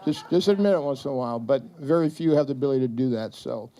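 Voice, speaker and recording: A man's voice: mid-range voice, quick pace, mellow. A middle-aged man giving a joking speech full of stories at a retirement celebration, acting out the lines of the people in them. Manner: storytelling, acting out quotes, joking. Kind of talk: anecdotal speech to an audience. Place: event hall with audience.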